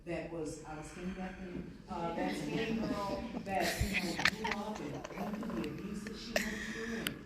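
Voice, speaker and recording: A keynote speaker, a woman of medium pitch, gives an earnest motivational talk built on stories to an audience in a large conference room. She speaks at a moderate pace with few pauses and repeats her points. The recording is very noisy, echoey and distant.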